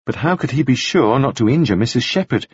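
A man narrating a novel in measured, expressive storytelling. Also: mid-range voice, breathy edge, no room sound, highs cut off. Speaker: audiobook narrator. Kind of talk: scripted narration.

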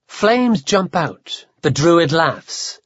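Lively male audiobook narrator. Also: on the high side, no echo. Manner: vivid, measured storytelling. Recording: dull, dry lo-fi.

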